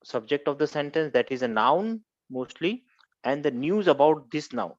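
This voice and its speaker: A man's voice: fairly high pitch, expressive, moderate pace, no echo. Man teaching a class, muffled recording. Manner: repetitive, quizzing students, explains step by step. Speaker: Arabic grammar teacher. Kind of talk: classroom lecture.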